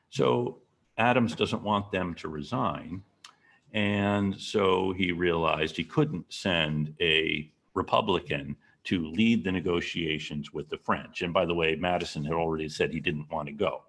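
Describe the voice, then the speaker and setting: Male lecturer, low husky voice with a gravelly edge, storytelling to a class. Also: lively intonation, a little slow, a bit bright. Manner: storytelling, asks the class questions. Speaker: history lecturer.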